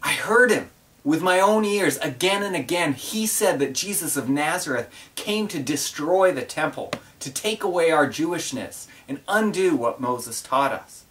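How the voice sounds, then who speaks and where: A man's voice: on the high side, animated, measured pace, fairly bright tone, recorded from a distance. A man voicing a false witness who accuses insistently. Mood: accusing.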